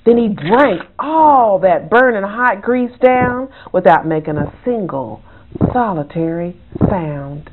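A woman's voice: mid-range voice, takes it slowly, noisy background. Woman reading a bedtime story, tinny sound. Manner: expressive, rhythmic read-aloud delivery. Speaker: author reading her own book. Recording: tinny phone-like sound, faint music.

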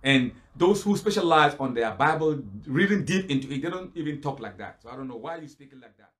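A man with a notably high-pitched voice delivers an argumentative sermon. He keeps throwing out rhetorical questions and answering them himself, pressing his rebuttal point by point. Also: expressive, brisk, fairly bright tone, slight background noise. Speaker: Islamic preacher. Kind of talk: preaching rebuttal to a lecture crowd.

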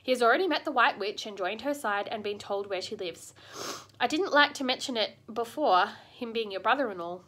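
A woman's voice: on the high side, expressive, fairly quick, sharp tone. A woman voicing an earnest, worried male beaver in a storybook reading aloud. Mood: grave. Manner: earnest and urgent. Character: grave, worried male beaver, father figure.

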